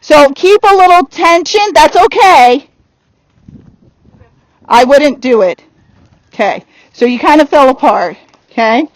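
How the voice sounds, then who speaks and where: A woman's voice: high voice, animated, measured pace, pauses often, no echo, low-quality recording. A woman horse trainer giving a riding lesson outdoors, coaching directly and laughing now and then.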